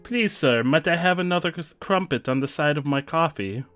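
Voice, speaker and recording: A man's voice: expressive, brisk, a bit bright, faint music behind. A man putting on an attempted British accent, voicing a pleading male servant who begs for more coffee. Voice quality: high, exaggerated, pleading.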